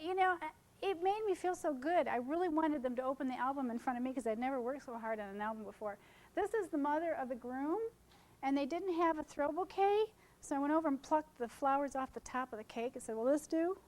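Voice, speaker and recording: High-voiced woman telling wedding stories. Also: fairly quick. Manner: animated storyteller who acts out quoted people. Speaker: wedding photographer presenting to colleagues. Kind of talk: seminar talk with storytelling. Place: seminar room.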